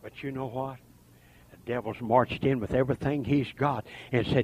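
An older man preaching a fiery revival sermon, swinging from shouted, chanting runs down to low, muttered asides. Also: steady tone, normal speed.

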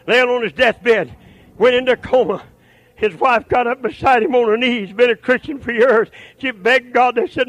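An older man preaching a fiery revival sermon, swinging from shouted, chanting runs down to low, muttered asides. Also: steady tone, normal speed, no echo.

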